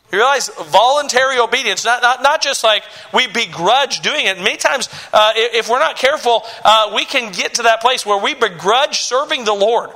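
A man's voice: very high voice, lively intonation, normal speed, bright, forceful tone. A male pastor preaching a sermon, emphatic and repetitive, often restarting and stammering as he makes his point.

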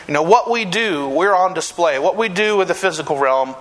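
A male pastor preaching a sermon, telling a testimony earnestly and slowing down to stress key phrases. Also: high-pitched, animated, a bit bright, rough recording. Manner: earnest storytelling, preaching with slowed emphatic phrases.

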